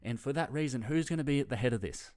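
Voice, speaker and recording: A man's voice: mid-range voice, fast, a little mellow. A young Australian man giving a casual, rambling footy commentary, swearing freely and sometimes losing his train of thought. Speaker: footy tipping vlogger.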